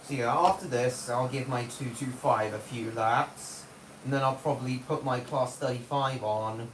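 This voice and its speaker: A man's voice: mid-range voice, moderate pace. A man chatting casually on a live stream while running a model railway, rambling to himself and answering viewers. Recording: roomy echo with faint background hum.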